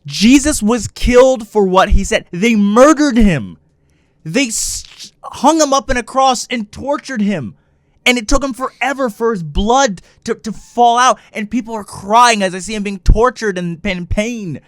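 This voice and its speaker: Animated man in lively podcast banter. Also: high-pitched, measured pace, no echo. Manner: animated, laughing, jokey emphatic preaching. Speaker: podcast co-host. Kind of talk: casual podcast chat.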